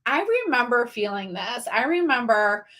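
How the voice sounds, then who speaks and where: A woman's voice: fairly high pitch, animated, moderate pace. Chatty woman coaching live. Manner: warm, conversational, many fillers and restarts, greets viewers by name. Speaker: coach running a live online training. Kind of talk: live-streamed teaching talk.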